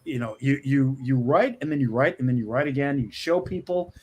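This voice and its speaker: A man's voice: mid-range voice, expressive, fairly quick, breathy edge. A middle-aged man, a screenwriter guest, chatting casually and rambling with many restarts and small laughs. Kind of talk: casual interview talk.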